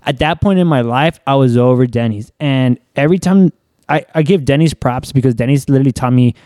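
A man's voice: medium pitch, fairly quick, dark tone, no room sound. A young man, a podcast guest, telling a personal story in loose, profane, casual talk.

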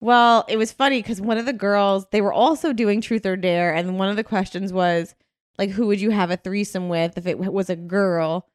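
A young woman co-hosting a podcast, rambling through a story with frequent laughter and filler words. Her voice is at an everyday middle pitch and sounds close and dry, with no room around it. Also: steady tone, normal speed, smooth, no echo. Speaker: podcast co-host. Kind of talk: casual podcast chat. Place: home.

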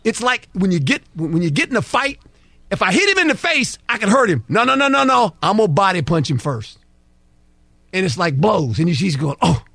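Animated, high-voiced football analyst man. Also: a little fast, creaky, dry recording. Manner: emphatic, acts out players and coaches in quoted dialogue; folksy, with plain football talk. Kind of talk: sports talk show breakdown.

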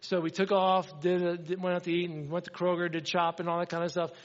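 A middle-aged man preaching a sermon, telling a story with animated energy and acting out the dialogue. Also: sits high, fast. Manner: animated, acts out dialogue in his stories. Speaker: pastor. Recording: dull sound with long hall reverb.

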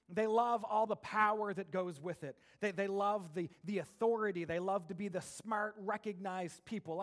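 A man with a high voice delivers a lively sermon to his congregation. He drops into soft, conversational asides, then climbs into loud, emphatic bursts as he drives a point home. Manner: animated preaching, swings between soft asides and raised emphatic bursts. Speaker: pastor.

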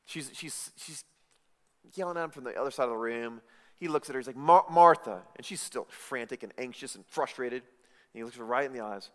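A man preaching a sermon, swinging from loud emphatic lines to hushed, intimate ones. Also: medium pitch, a little fast. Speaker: pastor. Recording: reverberant hall.

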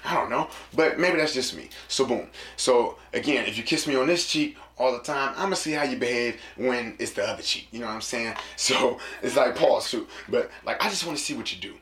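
A man talking casually to listeners in an animated, slangy way, acting out quotes in a lower voice. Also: fairly quick, few pauses, reverberant.

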